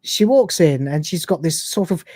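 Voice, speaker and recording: A man's voice: fairly high pitch, lively intonation, normal speed, darkish tone, dry recording. A man hosting a live-stream review show, retelling episodes in a rambling way with many fillers. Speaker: host.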